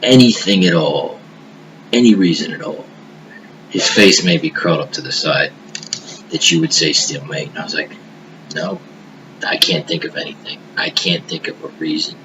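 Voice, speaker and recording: Low-voiced man rambling over hiss. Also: moderate pace, highs cut off. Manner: rambling, profane, drops into hushed murmurs. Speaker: vlogger. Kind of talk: rambling personal monologue. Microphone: webcam. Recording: noisy hiss behind the voice.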